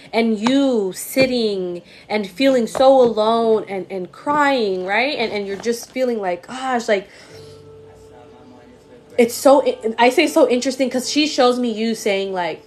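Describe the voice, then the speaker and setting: A young woman giving a live-streamed psychic reading, emotional and gushing, with many repeated words and fillers. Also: fairly high pitch. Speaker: psychic medium. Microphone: phone or computer mic on a live stream.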